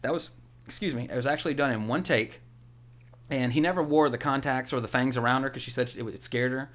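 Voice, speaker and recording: A young man co-hosting a casual movie podcast. He talks at a quick clip, rambling from one thought to the next with excitable energy. His pitch sits in the middle. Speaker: podcast co-host.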